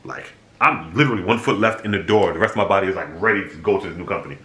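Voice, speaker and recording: A young man with a low, bright-edged voice spins a casual story for his viewers. He talks bluntly and with energy, and swears freely. The sound bounces around an echoey room. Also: rapid-fire. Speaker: vlogger.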